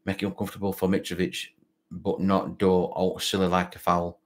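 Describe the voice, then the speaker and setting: A low-voiced man with a broad Barnsley Yorkshire accent hosts a football fan live stream. He chats casually, reads out viewers' comments and rambles, repeating words and leaning on fillers. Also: monotone, moderate pace.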